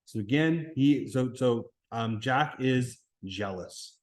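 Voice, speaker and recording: A man's voice: mid-range voice, slow. A man reading a novel aloud in class, stopping now and then to explain it, with restarts along the way. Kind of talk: classroom read-aloud with commentary.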